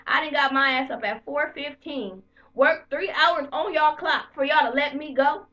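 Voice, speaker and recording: A high-voiced woman vents to camera in a casual vlog, swearing and animated as she tells her story. Her voice is bright and sharp. The home recording sounds dull and lo-fi. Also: moderate pace, distant mic. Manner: profane, heated, animated storytelling. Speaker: vlogger.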